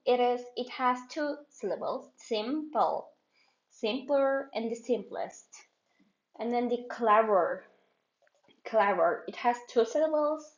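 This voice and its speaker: Patient female English teacher, dull audio. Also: fairly high pitch. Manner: slow, methodical explaining with repeated examples. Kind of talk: grammar lesson for learners.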